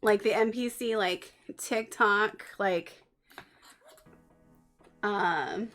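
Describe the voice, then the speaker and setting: A woman's voice: mid-range voice, extremely slow, fairly bright tone, faint music behind. A young woman from the Bay Area with a Northern Californian accent, chatting casually and giggling on a livestream, with lots of "like". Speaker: streamer.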